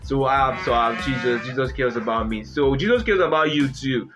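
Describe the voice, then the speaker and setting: A young man talks excitedly about a film in casual chat, circling back on his words and repeating himself. His voice sits at an ordinary middle pitch. Light music runs faintly behind him. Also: fairly quick. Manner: excitable, repetitive, many fillers. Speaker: co-host. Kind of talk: casual movie review chat.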